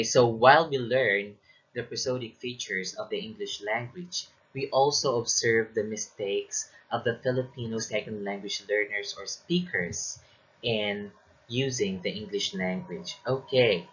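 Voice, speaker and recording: A man teaching a recorded lesson on English pronunciation, explaining slowly and reading example sentences aloud. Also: lowish voice, a bit bright, slightly rough, dull audio.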